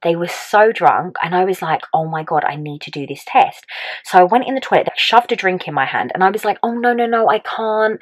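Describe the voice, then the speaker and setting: A young woman tells a personal story straight to camera, chatty and animated, peppering every sentence with "like" and acting out her own reactions. Her voice sits a little low for a woman. The sound is close and dry, with almost no room around it. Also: brisk, slightly rough, no echo, low-quality recording. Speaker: vlogger.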